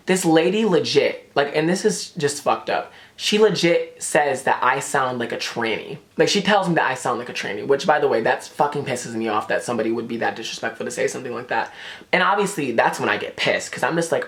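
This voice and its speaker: A young man rattling off a storytime in a rapid, animated rush, swearing freely. His voice sits at an ordinary middle pitch as he talks straight to his viewers. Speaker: vlogger. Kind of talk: casual storytime.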